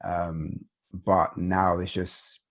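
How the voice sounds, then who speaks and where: A man's voice: sits low, level tone, extremely slow. A man hosting a casual interview, talking loosely with lots of slang and fillers. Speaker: podcast host.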